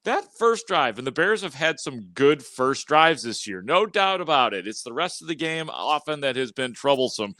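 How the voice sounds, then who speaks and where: A man's voice: on the high side, big pitch swings, moderate pace, few pauses, sharp tone, dry recording. A man co-hosting a postgame sports podcast, recapping the plays in a conversational way with frequent restarts. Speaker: podcast co-host.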